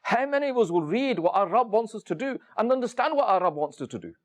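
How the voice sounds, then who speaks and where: High-voiced man preaching a sermon. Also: sing-song, fast. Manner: storytelling, addresses the audience directly with many rhetorical questions; frequent "you know" fillers and restarts. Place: room with a seated audience.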